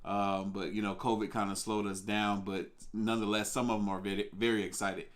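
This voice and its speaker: A man hosts a live stream from a desk microphone. He talks in a loose, chatty way and greets viewers one by one. His voice sits a little low. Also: little pitch movement, fairly quick. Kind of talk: casual live stream chat.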